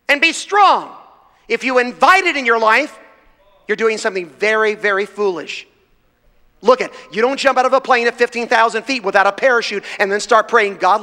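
High-voiced fervent preacher man, reverberant hall. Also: pushed and bright. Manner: fervent, emphatic preaching with rising bursts. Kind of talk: sermon.

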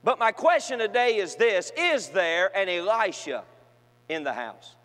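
A man preaching to young people, telling funny stories and swinging from shouted peaks to quiet asides. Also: sits high, expressive, measured pace. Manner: humorous storytelling with shouted climaxes and quiet asides. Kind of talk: sermon to a youth gathering. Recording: long hall reverb.

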